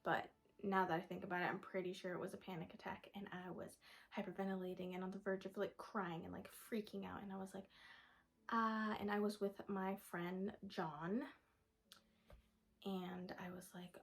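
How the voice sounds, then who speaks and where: A young woman telling a personal story to camera in a casual, rambling way, full of "like" fillers, sometimes dropping to a hush. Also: mid-range voice, little pitch movement, normal speed, creaky. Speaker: vlogger.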